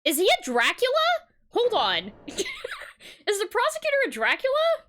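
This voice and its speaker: A woman's voice: very high-pitched, wildly swooping pitch, unhurried, fairly bright tone. A woman streaming a video game, chatting casually, giggling and swearing freely.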